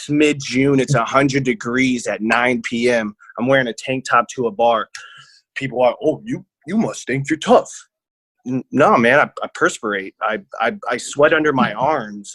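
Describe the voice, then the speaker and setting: A man's voice: mid-range voice, a bit bright, no echo. A man casually telling a story on a podcast, rambling and slangy, acting out what people said. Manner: rambling, slangy, acts out quotes. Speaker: podcast co-host.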